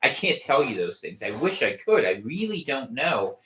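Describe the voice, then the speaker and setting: A man hosts a casual home livestream, his pitch swinging in a lively, animated way. He rambles through his points with wry gallows humor and often restarts his sentences. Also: normal speed, slight background noise. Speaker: podcast host. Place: home room.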